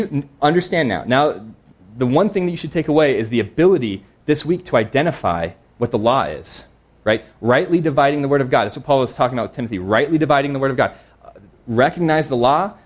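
Earnest man preaching a casual sermon. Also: mid-range voice. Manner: conversational, earnest, reads scripture slowly.

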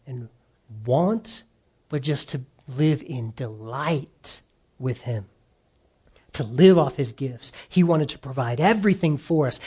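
A pastor delivering a sermon at an unhurried pace. He speaks earnestly and with emphasis, rising in pitch on points he wants to land and stretching out key phrases. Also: slightly rough. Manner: earnest, emphatic, with lively rises and drawn-out slow phrases.

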